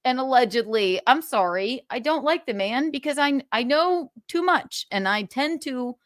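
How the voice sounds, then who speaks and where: A woman's voice: sits high, lively intonation, moderate pace, dry recording, studio quality. A woman hosting a livestream, ranting in a sarcastic, profane way and laughing between jabs. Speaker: livestream host.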